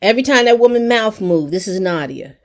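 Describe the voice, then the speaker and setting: A woman's voice: mid-range voice, animated, brisk. A woman giving a casual, chatty recap and review of a TV episode, talking straight to her viewers. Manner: chatty and colloquial, addressing viewers directly. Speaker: TV show reviewer.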